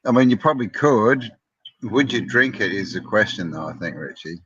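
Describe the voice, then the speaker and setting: A man's voice: fairly low pitch, lively intonation, moderate pace, fairly bright tone, husky, no echo, lo-fi sound. A man co-hosting a casual live-stream chat, joking around and greeting viewers. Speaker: co-host.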